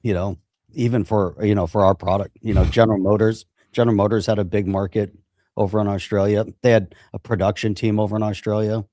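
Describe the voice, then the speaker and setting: A man with a low, mellow voice, co-hosting a relaxed conversation. He asks questions and answers with quick agreements, and the recording sounds dry and close. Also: dry recording. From United States. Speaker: co-host. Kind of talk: casual chat.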